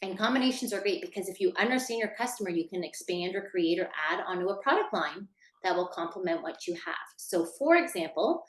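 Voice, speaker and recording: Woman, workshop instructor, casual lecture, chatty with fillers, mid pitch, echoey room. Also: animated, brisk. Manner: chatty, many fillers, addresses listeners directly.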